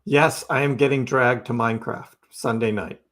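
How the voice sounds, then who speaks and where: Hosting a crypto livestream, a middle-aged man casually answers viewer chat, chatty and wry with frequent laughs. His voice is mid-range and a bit bright, with a steady tone and normal speed.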